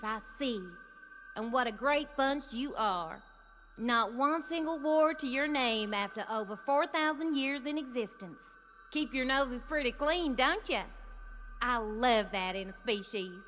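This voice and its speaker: Woman voicing a bright twangy afterlife clerk, playful and folksy, music under it. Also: high voice, lively intonation, a little slow. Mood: breezy. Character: breezy female afterlife official in charge of installations. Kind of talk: audiobook character voice.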